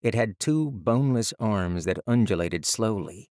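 A fairly low-voiced man reads an audiobook, his storytelling steady and measured. The audio is studio quality, free of room sound.

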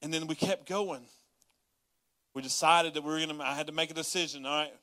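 A man preaching a sermon as a pastor, folksy and conversational, rising to loud pleading. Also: fairly high pitch, steady tone, brisk. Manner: folksy Southern-style preaching, rising to yelling in acted prayers.

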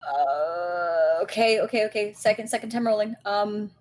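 A woman playing a tabletop game, talking quickly, correcting herself and laughing easily. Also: medium pitch, fairly even intonation, darkish tone, slight background noise. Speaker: player. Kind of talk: casual tabletop game play.

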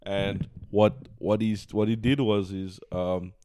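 A tired South African man co-hosting a podcast in a laid-back way, trailing off as he talks. His voice sits a little lower than most men's. He speaks close to the mic. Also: fairly even intonation, takes it slowly, dark tone, a little hiss or hum. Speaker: podcast co-host. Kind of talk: casual chat.

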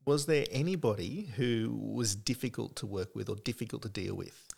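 A man's voice: on the low side, normal speed, gravelly, a little mellow. A man hosting a casual podcast interview, asking questions and giving brief encouraging replies. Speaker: podcast host.

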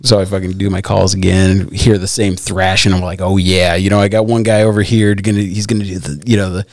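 A man's voice: sits low, little pitch movement, quick pace, darkish tone, no room sound. Man, casual storyteller, rambly, laughs often, dry close sound. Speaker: hunter telling stories.

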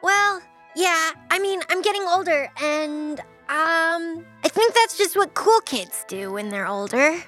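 A woman playing a tabletop game, soft-spoken and a little hesitant. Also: very high voice, expressive, measured pace, soft background music. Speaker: player.

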